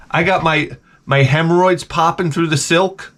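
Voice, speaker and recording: A man's voice: fairly high pitch, moderate pace, fairly bright tone, a little hiss or hum. A man in his forties with a sarcastic, self-mocking manner, rambling through a comic story outdoors by his shed. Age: 40s. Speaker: vlogger. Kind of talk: rambling comedic monologue.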